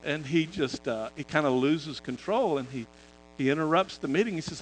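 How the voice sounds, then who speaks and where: A man preaching in a loose, conversational way, retelling a story with many halting restarts. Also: fairly high pitch, faint music behind, low-quality recording. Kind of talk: sermon storytelling.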